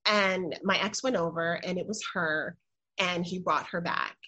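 A woman guest telling an emotional personal story, animated and acting out the dialogue. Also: measured pace, low-quality recording. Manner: animated, re-enacts dialogue with rising pitch.

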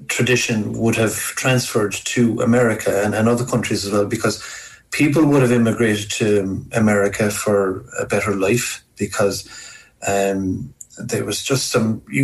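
A man's voice: fairly low pitch, rough recording. A man from Ireland with a Cork accent, a guest on a podcast, talking thoughtfully and explaining at length with frequent ums. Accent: Cork Irish. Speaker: guest horror film correspondent. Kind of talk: podcast conversation.

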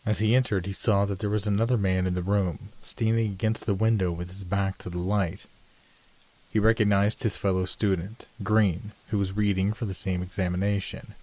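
A man reading a classic ghost story aloud, in measured storytelling narration. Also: steady tone, darkish tone. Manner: measured storytelling, lifts pitch for dialogue. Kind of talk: scripted audiobook narration.

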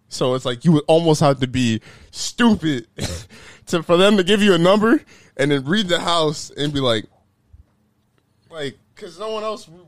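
A young man tells a story among friends with a lively, swooping voice, laughing and cursing as he acts out each person. The sound is dry and close, with little room echo. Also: fairly high pitch. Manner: animated, profane, laughing while acting out quotes. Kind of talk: casual storytelling chat.

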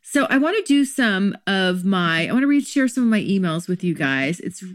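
A woman's voice: medium pitch, big pitch swings, moderate pace, no echo. Chatty woman podcast host, dry sound. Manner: chatty, gushing, lots of fillers. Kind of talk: casual solo podcast talk.

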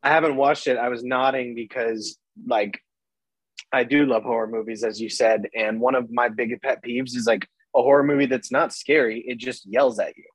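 A man's voice: medium pitch, steady tone, normal speed, slightly rough, dry recording. A man in casual chat, talking with dry, wry humor.

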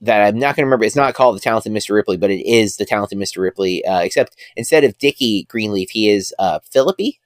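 A man's voice: lowish voice, quick pace, few pauses, dry recording, clean studio sound. A man co-hosting a podcast in casual chat, rambling with lots of fillers and enthusiastic about films. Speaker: podcast co-host.

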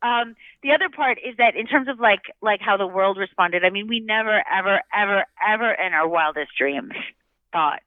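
A middle-aged woman, a guest actress, telling stories in an animated, chatty way and acting out other people's lines. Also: medium pitch, normal speed, no echo. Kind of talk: podcast interview storytelling. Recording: tinny phone-like line.

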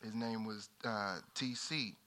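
A man's voice: fairly low pitch, steady tone, takes it slowly, sharp tone, poor audio. A man from the audience telling a story on stage, hesitant and self-deprecating, often trailing off. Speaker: audience member.

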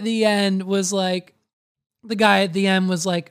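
A woman's voice: medium pitch, level tone, measured pace, a bit bright, smooth. A woman commenting casually and comically, rambling with plenty of "like"s and some crude language. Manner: rambling, crude, full of likes.

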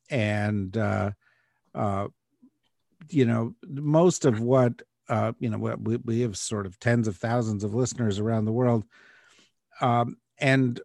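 A man hosting a podcast interview, introducing guests with many halting fillers. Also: mid-range voice, a little mellow, dry recording, studio quality. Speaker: podcast host. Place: New York City.

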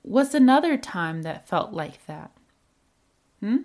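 Slow, calm woman giving self-help advice. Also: medium pitch. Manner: calm, coaching tone with many rhetorical questions. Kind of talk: reflective motivational talk.

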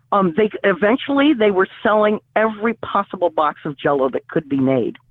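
Animated woman storyteller on a phone line. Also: lowish voice, no echo. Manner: lively, digressive, with fillers and restarts. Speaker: college teacher. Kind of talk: animated storytelling about radio history. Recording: phone-like, dry sound.

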